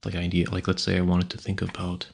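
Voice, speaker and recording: A man with a very low, gravelly voice talks casually into a home mic. His tone is husky and a little rough. He muses aloud and trips over hard words as he tries them out. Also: monotone, quick pace. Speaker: audio creator. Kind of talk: rambling casual talk.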